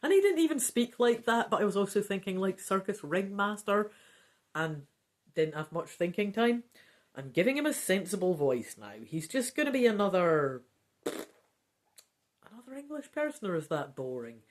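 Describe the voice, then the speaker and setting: A woman's voice: medium pitch, very animated, normal speed. A woman reading through a gamebook aloud, chatting in casual, self-deprecating asides. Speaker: gamebook reader.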